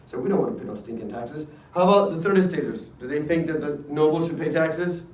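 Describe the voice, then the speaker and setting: A middle-aged teacher tells history to his class as a casual, jokey story and keeps breaking into voices for its people. His voice sits a little high for a man. It is picked up from across the classroom, with plenty of echo off the walls. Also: darkish tone. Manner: jokey storytelling, acts out quick character voices. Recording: echoey classroom, voice from far off.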